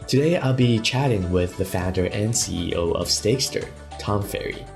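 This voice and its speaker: Male podcast host, very low voice, steady read-aloud intro, faint music underneath. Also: moderate pace, creaky. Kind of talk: scripted podcast intro and interview questions.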